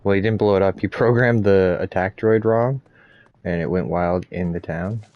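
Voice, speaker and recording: A man's voice: low voice, fairly even intonation, normal speed, dry recording, dull audio. A man giving casual, chatty gameplay commentary as a let's play host, laughing often.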